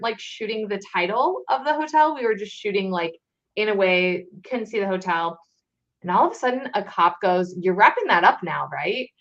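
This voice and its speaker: A woman's voice: mid-range voice, dull audio. A woman in a casual chat, telling a story with lots of laughter and filler words. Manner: animated, laughing, many "like" fillers. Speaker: guest cosplayer.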